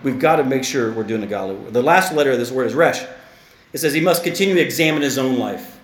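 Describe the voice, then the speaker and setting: A man preaching a sermon to his congregation, animated, with joking asides and repeated words. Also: mid-range voice, quick pace. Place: church hall. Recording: echoey church hall.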